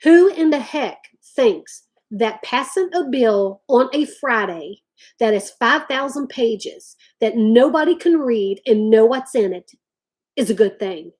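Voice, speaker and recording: A woman's voice: on the high side, animated, slow, a little mellow. A woman ranting to her viewers. She talks emphatically and drawls "y'all" often. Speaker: vlogger talking to live chat. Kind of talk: impassioned rant to viewers.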